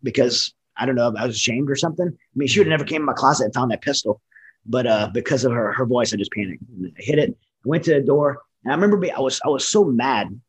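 Fast-talking husky man telling his story. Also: mid-range voice, poor audio. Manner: earnest and candid, with frequent restarts. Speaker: military veteran guest. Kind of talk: personal testimony in a conversation.

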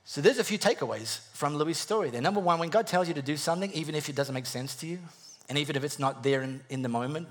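A male preacher giving a sermon in a jokey, conversational storytelling way, with wry self-deprecating humor and frequent restarts. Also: mid-range voice.

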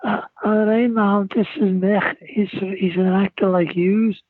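A bubbly young Liverpool woman calls out high and bright with excitement, as an older man puts her on. The sound is husky and dry. It comes down a tinny phone line. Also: takes it slowly, dry recording, full character voice. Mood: excited. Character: cheerful young Liverpool woman greeting a friend.

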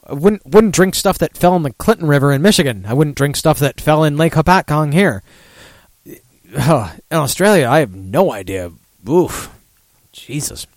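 A man's voice: on the high side, lively intonation, a little slow, long pauses, dry recording. Rambling, profane man hosting solo. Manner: rambling, profane, laughs at his own jokes. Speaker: radio show host. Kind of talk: casual one-man talk show.

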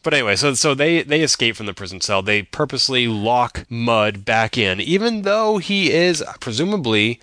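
A man's voice: mid-range voice, animated, moderate pace, hardly any pauses, sharp tone, no echo, clean studio sound. A man co-hosting a podcast, recapping an episode in casual chat with wry, joking asides. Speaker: podcast co-host.

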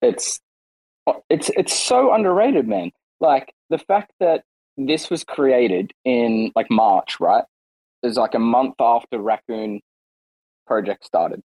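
A man chatting casually on an online voice call, rambling and relaxed with lots of fillers and restarts. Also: mid-range voice, takes it slowly, poor audio. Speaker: participant in an online audio chat room. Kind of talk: casual chat.

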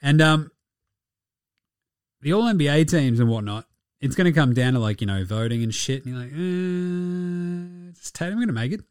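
A young Australian man hosting a casual solo sports podcast, sweary and laughing through animated asides. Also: mid-range voice, brisk, long pauses, no echo, clean studio sound. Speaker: podcast host.

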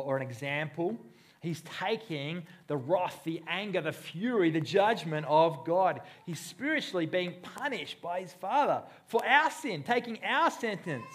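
A man preaching a sermon in a conversational way, acting out the voices he quotes. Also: fairly high pitch. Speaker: pastor.

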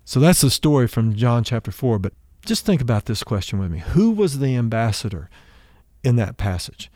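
Male preacher, conversational storyteller; mellow, warm voice, dry close sound. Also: medium pitch, sing-song, normal speed, no room sound. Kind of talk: sermon with story retelling.

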